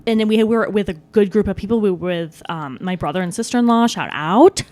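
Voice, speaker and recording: A young woman co-hosting a casual podcast, telling stories animatedly with quick restarts and plenty of swearing. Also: medium pitch, darkish tone. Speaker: podcast co-host. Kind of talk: casual chat.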